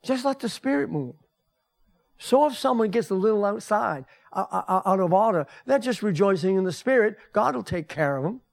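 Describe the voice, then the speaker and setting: A man's voice: high voice, expressive, fairly quick, gravelly. An older man, a pastor and grandfather, preaching a folksy, conversational sermon to his congregation in a church. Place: church sanctuary.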